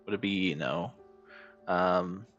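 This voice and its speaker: A man streaming a game live, chatting casually and excitably with his viewers and swearing freely. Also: low-pitched, slow, highs cut off, faint music behind. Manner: profane, excitable, talks to chat.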